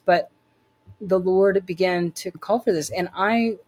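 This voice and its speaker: A woman's voice: on the low side, a little slow, darkish tone. A woman as an interview guest, telling her personal faith testimony in an earnest, emphatic way, repeating phrases for weight.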